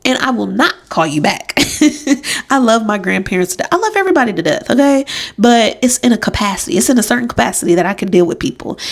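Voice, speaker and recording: A woman's voice: a little high, expressive, quick pace. A young woman hosting a casual solo podcast from a room in her home, chatty and emphatic, laughing at herself. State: pregnant. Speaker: podcast host.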